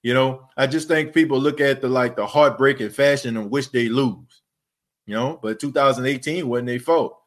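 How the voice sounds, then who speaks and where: New guy rambling about football on his podcast, lots of uh and you know, mid pitch. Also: moderate pace. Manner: rambling, lots of fillers and repeats. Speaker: podcast host. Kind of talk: casual sports talk.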